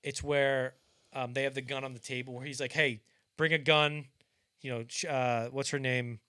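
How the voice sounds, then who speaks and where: A young man chats on a podcast, spinning anecdotes in a loose, profane, restart-filled way. His pitch jumps up when he acts out other people's lines, and the delivery stays animated. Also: brisk, clean tone. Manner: animated storyteller, acts out quoted lines loudly and higher; casual and profane, frequent restarts. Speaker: podcast host. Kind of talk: casual chat, telling anecdotes.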